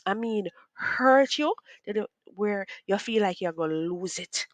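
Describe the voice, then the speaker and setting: A woman's voice: medium pitch, animated, measured pace, no echo. Earnest woman, dry close voice. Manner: earnest, repeats words, drifts into preachy church-style asides. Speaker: vlogger telling a personal story. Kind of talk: emotional storytime monologue.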